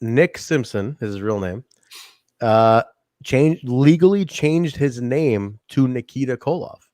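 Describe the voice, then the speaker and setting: A man's voice: mid-range voice, lively intonation, slow pace, a little mellow, no echo, studio quality. A man co-hosting a casual wrestling review show, talking animatedly, laughing often and acting out quotes. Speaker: podcast co-host. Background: live chat audience.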